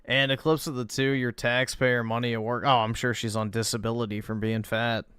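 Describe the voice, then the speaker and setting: A man's voice: medium pitch, flat delivery, a little fast, a bit bright, smooth, no echo, studio quality. A man giving blunt, crude and contemptuous commentary on a reaction stream.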